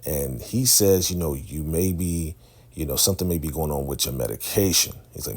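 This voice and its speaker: A man's voice: low-pitched, normal speed, darkish tone, slightly rough. A man hosting a casual TV episode recap, retelling scenes in a loose, chatty way and acting out the characters' lines. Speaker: TV recap host.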